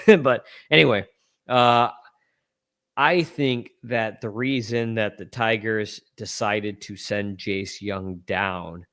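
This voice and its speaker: A man's voice: on the low side, fairly bright tone. A man hosting a fantasy baseball podcast, talking casually through stats on screen, rambling, correcting himself and chuckling at his own remarks. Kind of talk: casual analysis while screen-sharing stats.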